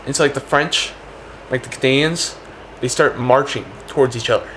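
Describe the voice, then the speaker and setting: A man's voice: mid-range voice, a bit bright, a little hiss or hum. A man rambling through a comic monologue, packing his talk with "like" and "check this out". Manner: rapid, full of "like" and "check this out".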